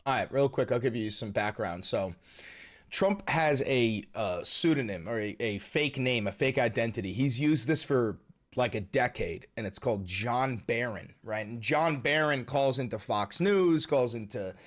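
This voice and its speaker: A man hosting a livestream, ranting loudly and profanely in casual reaction commentary. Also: medium pitch. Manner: loud, animated, profane ranting. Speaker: livestream host.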